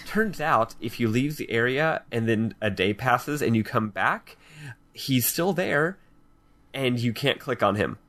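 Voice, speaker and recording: A man's voice: medium pitch, animated, a little slow, a bit bright. A man chatting casually as a podcast co-host, telling stories with laughs and quoting game characters. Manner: laughing storyteller who quotes game characters. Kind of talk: casual chat.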